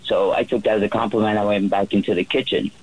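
Casting: husky, low male radio guest, easygoing raconteur full of "um"s. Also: fast, rough recording. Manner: relaxed storyteller with many fillers and restarts. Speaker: yacht chef. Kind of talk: storytelling on a radio call-in.

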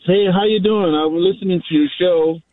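A man's voice: high-pitched, brisk. A man calling in to a radio show from his car, talking in a rambling, jokey way. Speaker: caller. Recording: phone line.

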